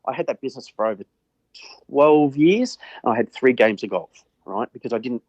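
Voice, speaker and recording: A man's voice: mid-range voice, lively intonation, fairly quick, darkish tone, no echo. Middle-aged man, chatty business owner who restarts his sentences; muffled lo-fi sound in a dead, dry room. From Australia. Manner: rambling, repeats words while thinking aloud. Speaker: guest, flooring business owner. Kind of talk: casual conversational interview. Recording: dull lo-fi audio.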